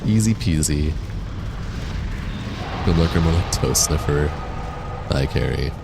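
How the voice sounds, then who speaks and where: A man with a bass voice and lively intonation takes things slowly while live-streaming a game. He's got the hiccups but chats casually, responding to his viewers in a laid-back way, with game music clearly playing behind him.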